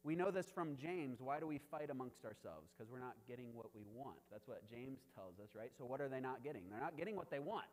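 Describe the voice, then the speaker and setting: A man's voice: mid-range voice, animated, brisk, few pauses, long reverb tail. A man preaching a sermon in a conversational way, often tossing in "right?" asides and light chuckles. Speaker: pastor.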